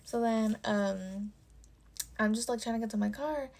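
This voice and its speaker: Speaking at a measured pace, a young woman with a slightly high, darkish-toned voice shares a personal story in a casual vlog. She curses and leans heavily on "like" as filler.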